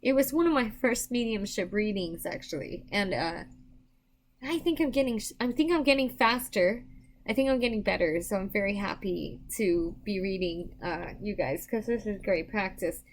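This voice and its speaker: A woman's voice: mid-range voice, moderate pace, slight background noise. A tired woman doing psychic readings on a live stream, chatting casually with viewers and rambling with many restarts. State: tired, yawning.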